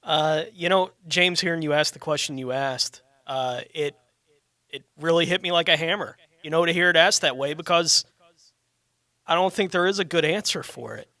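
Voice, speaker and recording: A man co-hosting talk radio speaks in a thoughtful, conversational way. His voice is a little high and bright, and the sound is dry and close. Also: moderate pace, dry recording. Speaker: radio co-host.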